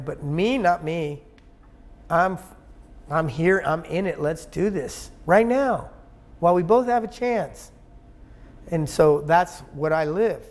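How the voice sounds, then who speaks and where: A man with a slightly high voice speaks a little slowly as a guest in a casual conversational interview. He's blunt and emphatic, swears freely, and rambles with many restarts.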